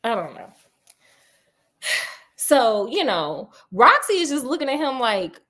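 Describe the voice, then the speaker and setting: A woman's voice: fairly high pitch, big pitch swings, slow, long pauses, a bit bright. A woman casually retelling a children's story, chatty with sassy asides and frequent laughs. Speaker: storyteller host.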